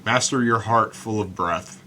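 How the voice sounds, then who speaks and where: A man hosting a solo podcast about writing poetry, talking in a halting way with many stammered restarts and slowing down to recite his lines. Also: fairly low pitch, pushed and bright, a little hiss or hum. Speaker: podcast host.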